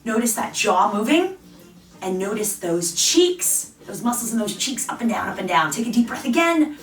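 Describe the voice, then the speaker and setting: A woman's voice: on the high side, recorded from a distance. Woman guiding a face exercise class. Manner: encouraging, slow guiding cues. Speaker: fitness instructor. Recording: roomy, off-mic with faint music.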